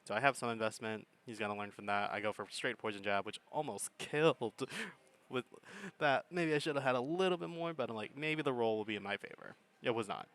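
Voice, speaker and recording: A man's voice: fairly low pitch, brisk, fairly bright tone. A man giving laid-back, chuckling commentary on a game battle, thinking his plays through aloud. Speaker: gaming commentator.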